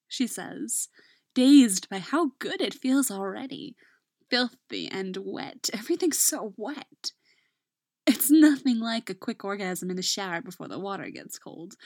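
Slow, soft-spoken woman storyteller. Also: medium pitch, lively intonation, no echo, clean studio sound. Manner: soft, slips into whispers. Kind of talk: romance audiobook narration.

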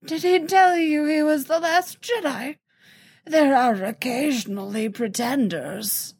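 A woman's voice: sits high, a little slow, darkish tone, no echo, studio quality, voice pushed up. A woman voicing a prim, fretting female official in a fan fiction audiobook. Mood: fretful.

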